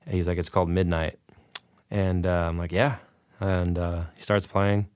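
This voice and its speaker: A man's voice: sits low, moderate pace, clear, resonant tone, no room sound, clean studio sound. A man on a podcast, animatedly recounting a story and acting out the dialogue. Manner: excited, animated retelling with quoted dialogue. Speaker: podcast guest. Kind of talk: casual storytelling.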